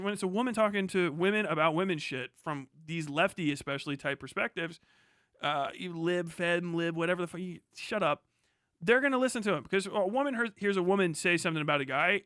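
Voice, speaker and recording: Man, streamer, high voice, dry close sound, heated swearing rant. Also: a bit bright, smooth, no room sound. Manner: heated, swearing, rapid-fire ranting. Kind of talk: profane livestream rant.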